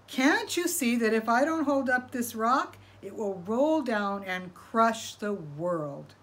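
Sly trickster rabbit, male, coaxing and high-pitched, as a woman storyteller puts him on. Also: animated, takes it slowly, fairly bright tone. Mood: pleading. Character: scheming quick-witted male rabbit trickster.

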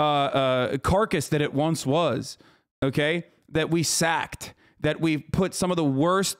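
Male streamer, slightly high voice, heated profane ranting commentary. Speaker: streamer reacting to news. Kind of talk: casual commentary.

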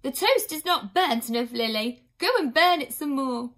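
A woman doing shrill wailing nurses. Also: a little slow, a bit bright. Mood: indignant. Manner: wailing, moaning, overwrought. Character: three wailing guilt-stricken women nurses, triplets.

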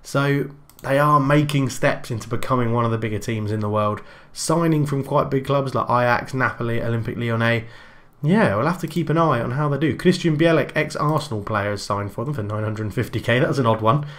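A man's voice: medium pitch, brisk, a bit bright. Man, casual game commentary, chatty, self-correcting. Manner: chatty, thinking aloud with fillers and self-corrections. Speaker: gaming channel host.

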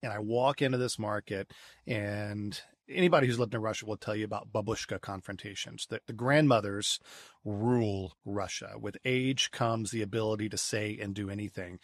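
A man, a podcast guest, telling stories in a lively conversational way and often repeating words as he restarts. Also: fairly low pitch, normal speed, no room sound, clean studio sound. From United States. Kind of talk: storytelling in a conversational interview.

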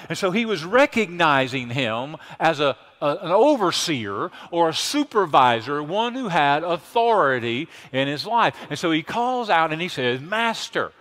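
Male pastor, high and very animated delivery, folksy sermon voice that climbs to fervent exhortation. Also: a little slow, few pauses. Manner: animated, building to shouted exhortation; folksy paraphrase with playful sarcasm. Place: church sanctuary.

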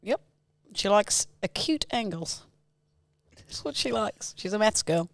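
A woman's voice: mid-range voice, expressive, a little slow, gravelly. A young woman co-hosting a podcast, trading playful, teasing banter in casual chat. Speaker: podcast co-host.

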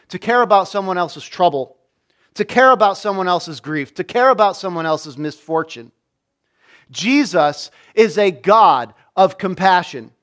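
A man's voice: sits high, a bit bright. A man, a pastor, preaching a sermon with emphatic delivery, repeating key phrases and acting out quoted lines.

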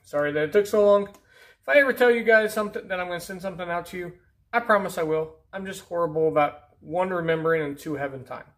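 A man hosting a casual mail-call vlog, rambling and easygoing as he opens packages, often trailing off into low mutters. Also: fast, a bit bright. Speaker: YouTube channel host. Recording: faint background noise.

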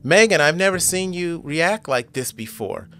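A man's voice: fairly high pitch, lively intonation, normal speed, bright, forceful tone, faint music behind, voice pushed up. A man voicing a young woman who pleads and reasons with an angry friend in a storybook reading. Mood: exasperated. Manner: pleading, appealing.

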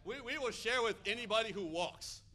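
A man from Hawaii preaching a sermon, an energetic, animated storyteller. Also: sits high, a little fast, faint music behind. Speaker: pastor.

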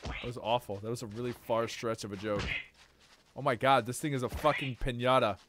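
Commentating a let's-play, a male streamer jokes around, swears, and argues with the creatures onscreen, breaking into sudden loud outbursts. His medium-pitched voice is fairly quick and fairly even in intonation, over background noise.

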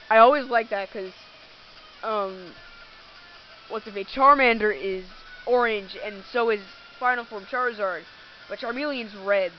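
A woman's voice: fairly high pitch, slight background noise. A woman hosting a let's play, giving casual, rambling gameplay commentary and often correcting herself. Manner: rambling, self-correcting, giggly. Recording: dull lo-fi recording.

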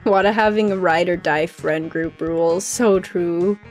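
A woman's voice: on the low side, steady tone, measured pace, a little mellow, soft background music. A young woman streaming a game, commenting casually and playfully, often giggling.

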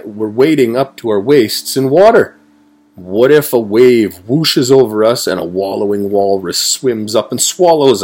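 A man reading a children's picture book aloud, slowly and clearly. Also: medium pitch, warm tone. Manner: slow, clearly paced reading. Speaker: storybook reader. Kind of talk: children's storybook read-aloud.

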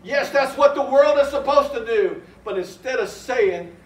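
High-voiced preaching man, echoey church. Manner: earnest preaching, recites hymn verses slowly. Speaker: pastor. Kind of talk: sermon. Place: church sanctuary. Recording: echoey church room from a distant mic.

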